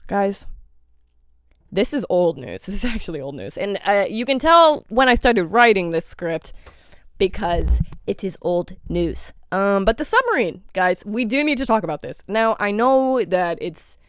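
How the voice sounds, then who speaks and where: A woman's voice: mid-range voice, lively intonation, measured pace, clear, resonant tone, no echo. Heated swearing young woman podcaster. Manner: heated, swears a lot, rhetorical questions. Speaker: podcast host. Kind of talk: casual commentary rant.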